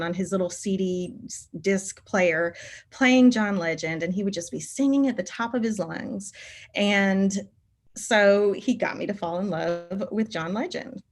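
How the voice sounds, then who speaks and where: A middle-aged woman, a teacher giving a conference keynote, telling personal stories about her students in an animated, emotional way. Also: medium pitch. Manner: animated, emotional storytelling, voice rising when moved.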